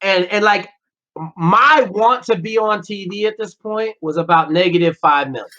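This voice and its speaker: On slightly dull lo-fi podcast audio, an ex-Navy SEAL guest recounts a story with blunt profanity, voicing the dialogue as he goes. His high-sitting voice sounds pushed and bright, and he keeps a moderate pace in this relaxed storytelling interview.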